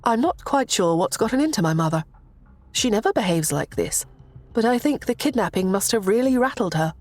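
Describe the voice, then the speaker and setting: A woman doing a gentle, gracious young princess. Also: medium pitch, lively intonation, fairly quick, pitched above the performer's own voice, close to an everyday voice. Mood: apologetic. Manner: polite, soothing.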